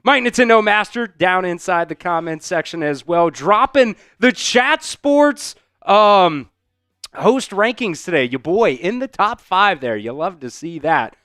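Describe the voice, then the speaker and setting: A man's voice: sits high, animated, measured pace, bright, forceful tone, clear, resonant tone, no echo, clean studio sound. A man hosting a live sports talk stream, speaking casually with many fillers and answering viewer comments from the chat. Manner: casual, rambling, heavy on fillers. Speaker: sports show host.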